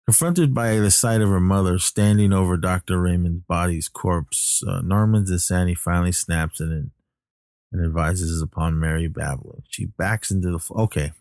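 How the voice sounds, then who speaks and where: A man's voice: low voice, normal speed, darkish tone, no echo, studio quality. A man casually recapping a horror film, rambling and correcting himself with many fillers. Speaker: movie recapper.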